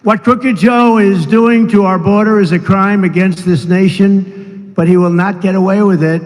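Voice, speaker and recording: A man's voice: high voice, fairly even intonation, moderate pace, darkish tone. A man in his seventies giving a rambling rally speech, full of asides and mocking impressions. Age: 70s. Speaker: political speaker at a rally. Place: large rally venue. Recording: long reverb of a big venue, faint noise.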